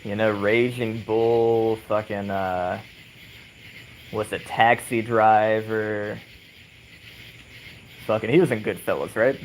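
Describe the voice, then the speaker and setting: A livestream host, a man with a fairly low voice, chats casually with his stream viewers while rocking on a swing on an outdoor porch. He rambles, swears a lot and chuckles often, keeping a fairly even intonation, taking it slowly and pausing often. The recording is rough, with slight background noise.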